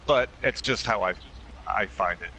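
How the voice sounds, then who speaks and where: A man chatting as a stream guest in a measured, understated, wry way. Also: lowish voice, pushed and bright, slight background noise, low-quality recording. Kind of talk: casual chat.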